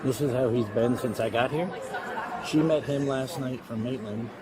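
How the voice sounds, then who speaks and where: A man's voice: medium pitch, moderate pace, poor audio. Man, police officer, blunt, matter-of-fact, outdoors, body camera, heavy crowd noise. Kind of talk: unscripted on-scene briefing. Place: outdoors near a beach. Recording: loud crowd noise around.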